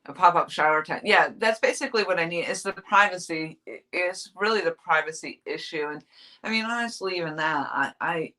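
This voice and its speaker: A woman from New Hampshire with a bright, forceful voice talks her way through a casual live stream. She rambles, restarts her sentences and laughs often while reading viewers' chat as a fishing vlogger. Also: on the low side, a little fast.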